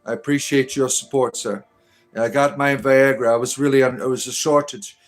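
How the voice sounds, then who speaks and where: A man's voice: mid-range voice, fairly even intonation, normal speed. A man hosting a livestream, reading chat aloud and answering with crude, sarcastic humor and preachy rants.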